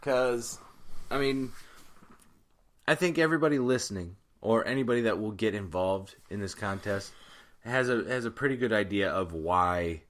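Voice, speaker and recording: A man's voice: on the low side, normal speed, a bit bright. A young man co-hosting a podcast, telling a party story in casual chat, acting out quotes and laughing often. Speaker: podcast co-host.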